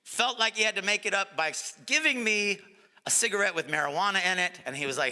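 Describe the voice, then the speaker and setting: Fast-talking and high-pitched, this middle-aged comic works a live crowd, slipping into one character voice after another as the jokes land. His set echoes with the long reverb of the venue.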